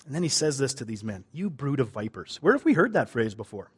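A man, a pastor, preaching a sermon, moving between loud emphasis and quiet, drawn-out lines. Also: medium pitch, big pitch swings, breathy edge.

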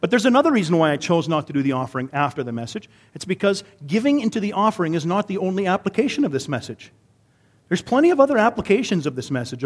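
A Canadian man, a pastor, preaching a sermon in an earnest, conversational way with many rhetorical questions. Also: fairly high pitch.

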